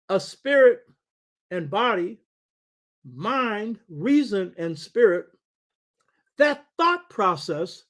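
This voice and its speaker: An older man hosting a talk show, lecturing in a preaching cadence and often calling out to his listeners for agreement. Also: extremely high pitch. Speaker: show host. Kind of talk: lecture-style radio talk.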